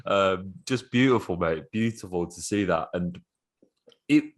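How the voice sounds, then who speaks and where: A man co-hosting a casual football podcast, excitable and swearing freely. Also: sits low, a little slow. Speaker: podcast co-host.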